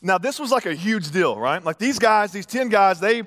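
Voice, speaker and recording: A man's voice: high-pitched, lively intonation, moderate pace, fairly bright tone, long reverb tail. A man from the United States preaching a sermon as pastor, casual, with joking asides.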